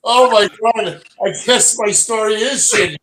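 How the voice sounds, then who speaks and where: British man, podcast guest, high animated voice, offhand joking, noisy call line. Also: normal speed. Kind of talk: casual podcast banter.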